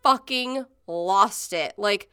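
A woman's voice: mid-range voice, takes it slowly, bright, forceful tone, clean tone, dry recording, clean studio sound. Casual swearing woman telling stories. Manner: swearing, rambling, many fillers. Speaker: podcast co-host. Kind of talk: casual storytelling chat.

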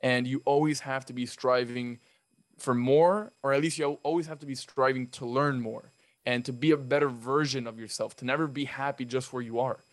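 A man with a mid-range voice shares earnest advice on a casual podcast. He speaks steadily, with occasional quick asides. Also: medium pitch, fairly even intonation.

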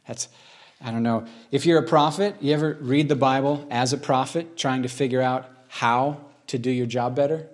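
A man teaching informally from the Bible to a small group, reading passages slowly and emphatically and then talking in earnest, conversational asides. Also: mid-range voice, steady tone. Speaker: preacher.

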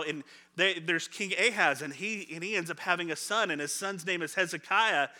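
A middle-aged man, a pastor, preaching a sermon in a conversational, animated way, acting out the voices of people in the story and laughing now and then. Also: high-pitched, fairly quick. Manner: laughs often, repeats words when restarting.

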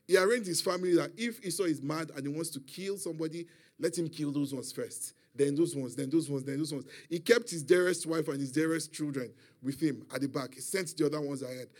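Brief: male preacher, high voice, emphatic call-and-response sermon.

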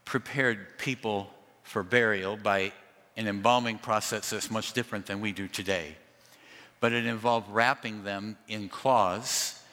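A man preaching a sermon through a sound system, telling the story dramatically with lively asides. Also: lowish voice, long reverb tail. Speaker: pastor. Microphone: amplified through a sound system.

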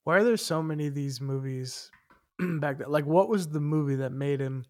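A man co-hosting a relaxed film podcast, wondering aloud and piling on questions. He talks loosely, with plenty of "like" in his sentences. His voice sits a bit higher than most men's. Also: moderate pace. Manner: curious, asks lots of questions, lots of filler "like". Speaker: podcast co-host. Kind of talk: casual movie chat.

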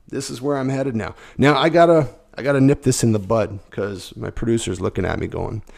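Hoarse middle-aged guy hosting a podcast, croaky and rough, just rambling along. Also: fairly low pitch, a little mellow. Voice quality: rough, gravelly. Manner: rambling, stream of consciousness. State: hoarse from a cold. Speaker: podcast host. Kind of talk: casual solo podcast chat.

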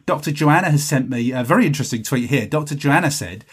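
A man's voice: mid-range voice, animated, fast talker, breathy edge. A man hosting a solo podcast, chatting in a rambling, self-deprecating way as he reads out listener messages. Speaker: podcast host.

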